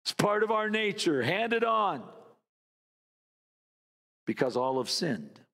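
A man's voice: high voice, sing-song, slow pace, creaky, a bit bright, in a large hall. A man preaching a sermon, telling a story and mimicking barking dogs with playful asides. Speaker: pastor.

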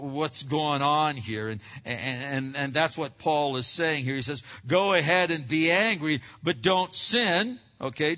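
Man, pastor, sermon, conversational preaching, bright tense voice, slightly high, dull lo-fi recording. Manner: conversational preaching with frequent restarts and repeated words.

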